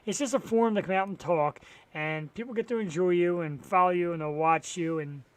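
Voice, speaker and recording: A man's voice: high-pitched, a little fast, clear, resonant tone, dry recording. A man hosting a live online talk show on his own, rambling casually with wry, profane asides. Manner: rambling, profane and wry, sarcastic about sports. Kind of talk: solo live-stream chat filling time.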